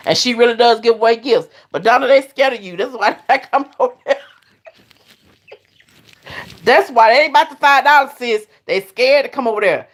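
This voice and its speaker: A woman hosting a casual live chat, talking straight to her viewers and laughing often. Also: a little high. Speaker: live stream host.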